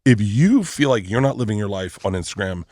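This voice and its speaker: A man's voice: lowish voice, brisk, dry recording, clean studio sound. A comedian in his fifties telling stories in casual podcast chat, acting out voices as he goes. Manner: animated storyteller, acts out voices. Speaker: guest comedian.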